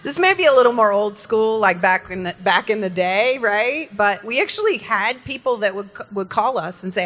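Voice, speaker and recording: A woman co-presenting a comedic conference session, quick to agree and chip in with asides. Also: mid-range voice, expressive, a bit bright, in a large hall.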